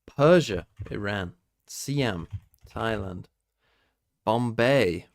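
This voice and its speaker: A man's voice: lowish voice, animated, extremely slow. Young British guy streaming, keyboard clicks behind, casual and sweary, thinks aloud. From Britain. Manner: swearing, quizzing himself aloud and talking to chat. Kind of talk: casual live-stream chat.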